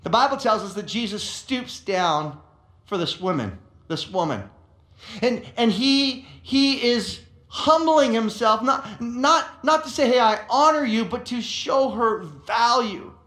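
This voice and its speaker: A man with a notably high voice delivers a sermon as a pastor. He tells stories with animation, doubling back on words as he speaks. The sound carries a roomy echo. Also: slow pace. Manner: animated storytelling with frequent repeated words.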